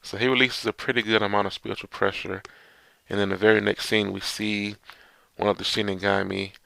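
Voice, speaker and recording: A man with a low, gravelly voice recaps a manga chapter in a loose, stop-start ramble. He reads the characters' lines aloud in his own flat voice. The sound is dry and close. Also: fairly quick, dry recording. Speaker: manga reviewer. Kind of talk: casual manga chapter review, reading panels aloud.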